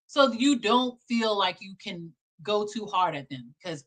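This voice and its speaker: A woman with a bright, forceful voice hosts a casual reaction show. She comments bluntly and with energy, and she swears freely. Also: mid-range voice, sing-song, a little slow, hardly any pauses. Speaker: host reacting to clips.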